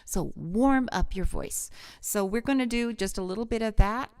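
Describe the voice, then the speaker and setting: A woman's voice: fairly high pitch, moderate pace, smooth, no room sound. A middle-aged woman voice coach teaching a live singing lesson, chatty and enthusiastic, drifting off on little tangents. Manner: chatty, digressive, warmly enthusiastic.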